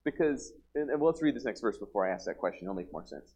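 A man's voice: on the low side, animated, fast, a little mellow, breathy edge, poor audio. Earnest man preaching, with frequent restarts. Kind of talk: sermon.

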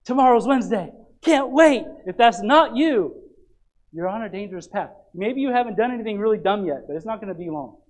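Man preaching, pastor, exhorting, loud calls and hushed asides. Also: high-pitched, fairly quick, poor audio. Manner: exhorting, repetitive calls to get excited; dynamic, dropping to quiet asides. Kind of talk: sermon.

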